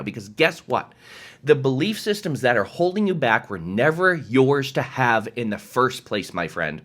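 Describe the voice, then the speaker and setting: A man's voice: mid-range voice, big pitch swings, moderate pace, a bit bright. A man giving a direct-to-camera motivational talk as a coach, emphatic and passionate, swearing freely.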